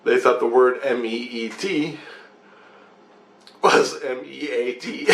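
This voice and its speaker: A man's voice: mid-range voice, takes it slowly, gravelly, pauses often, slight background noise. A man vlogging, telling a dream story in a loose, profane, meandering way. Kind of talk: rambling casual storytelling. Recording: echoey room with faint ambience.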